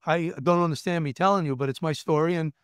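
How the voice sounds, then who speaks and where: An older man in his seventies with a New York accent, speaking with emphatic, halting candor and often repeating himself. His voice sits a little high for a man and comes across smooth and clear, recorded close and dry. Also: steady tone, no echo. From Brooklyn, New York. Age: 70s. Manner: emphatic, acts out quoted voices, repeats words. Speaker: retired federal agent, guest. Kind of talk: candid interview storytelling.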